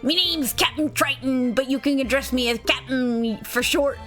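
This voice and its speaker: Woman doing a hearty old sea captain with a pirate brogue, growly, over quiet game music. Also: high-pitched, moderate pace. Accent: put-on pirate brogue. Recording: game music playing faintly behind.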